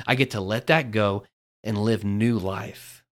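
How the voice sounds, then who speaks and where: A man's voice: lowish voice, steady tone, a little slow. Earnest man hosting a devotional podcast. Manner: earnest, storytelling. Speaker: podcast host.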